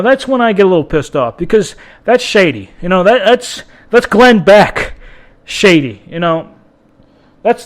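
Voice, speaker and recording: Guy with a high voice going off on his podcast, swears a lot, trips over his words. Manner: rambling, profane, many restarts. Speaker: podcast host. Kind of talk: casual podcast monologue.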